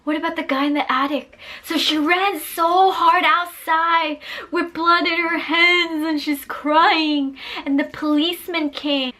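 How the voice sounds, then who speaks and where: Young woman, casual scary storyteller, playful sound effects, high pitch, slow delivery. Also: steady tone, pushed and bright. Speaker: storyteller vlogger.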